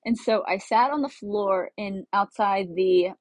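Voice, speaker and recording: A woman's voice: medium pitch, measured pace, dry recording. A young woman casually telling a travel story, chatty and laughing often as she acts out what she said. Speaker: travel vlogger.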